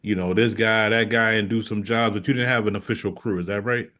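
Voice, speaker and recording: A man's voice: lowish voice, fairly even intonation, a little fast, pushed and bright. A man hosting an interview, asking loose, slangy questions and rephrasing them several times over. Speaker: host, interviewer.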